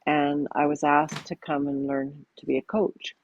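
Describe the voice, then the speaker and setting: A woman's voice: low-pitched, little pitch movement, muffled recording, slight background noise. A woman guest, a yoga teacher and coach, talking thoughtfully in an interview, often restarting her sentences. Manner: thoughtful, halting, with frequent restarts. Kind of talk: reflective interview talk.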